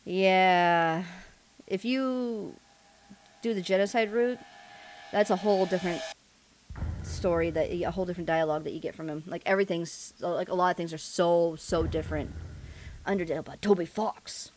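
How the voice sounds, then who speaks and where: A woman's voice: on the low side, steady tone, moderate pace, slight background noise, rough recording. A young woman casually commentating a game playthrough, rambling and self-deprecating. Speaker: gaming channel host.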